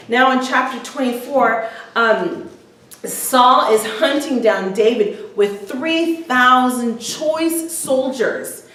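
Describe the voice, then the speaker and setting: A woman teaching a women's Bible study, retelling scripture in casual everyday words with frequent ums. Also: fairly high pitch. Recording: echoey room, voice from far off the mic.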